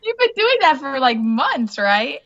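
Lively woman podcast co-host, slightly dull sound. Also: high voice, measured pace. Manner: lively, acts out her own past thoughts in raised voice. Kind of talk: casual chat.

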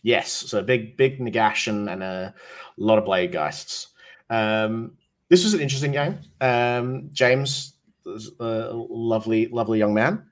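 A man's voice: mid-range voice, measured pace. A man co-hosting a casual gaming podcast, recapping his games in an easygoing way with plenty of fillers. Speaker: podcast co-host.

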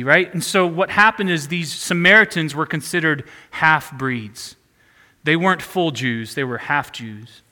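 A man's voice: high-pitched, bright, forceful tone, big-room sound. A man preaching a sermon as pastor, prompting the congregation to repeat phrases back to him.

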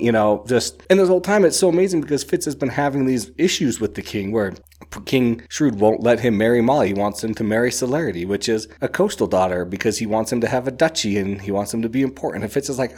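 A man's voice: on the low side, fairly quick, darkish tone, slightly rough. A man talking casually and enthusiastically about a book he has read, rambling with lots of filler words. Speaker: book reviewer.

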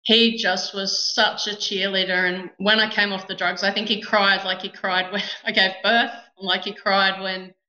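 An Australian woman in middle age speaks earnestly and warmly about her own life, her tone bright and forward. The room is echoey and the recording is dull and lo-fi, with the top end missing. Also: medium pitch, little pitch movement, moderate pace, few pauses. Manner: earnest, heartfelt storytelling. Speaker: guest. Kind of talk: personal story in a podcast interview.

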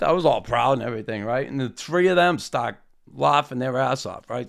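A man, a former hockey player telling an animated anecdote and acting out quotes. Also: mid-range voice, fairly quick, gravelly. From Boston area. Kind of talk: anecdotal storytelling.

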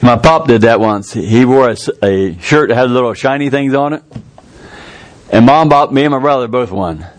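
A man preaching a sermon in a folksy, earnest way, jumping up in pitch to stress a point. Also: dry recording. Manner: folksy, earnest, with quick rises in pitch for emphasis.

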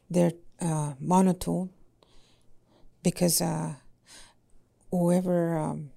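A woman language teacher in casual podcast talk, speaking haltingly with many fillers and "eh?" tags. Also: on the low side, vocal fry, mellow.

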